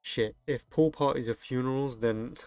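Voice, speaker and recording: A man's voice: medium pitch, normal speed, a little mellow, clear, resonant tone, no room sound. A young man reads delivery-driver stories aloud from the internet and breaks in with crude, joking reactions. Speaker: streamer reading online stories. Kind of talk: reading aloud with comedic commentary.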